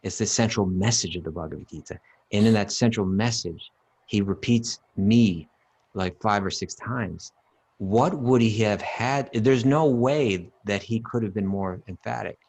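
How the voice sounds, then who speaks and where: A man with a very low, deep voice leads a relaxed scripture discussion. He talks emphatically, circles back on his words, and breaks into chanted Sanskrit verses. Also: normal speed, vocal fry, slightly rough. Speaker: podcast co-host teaching scripture. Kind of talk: casual teaching talk.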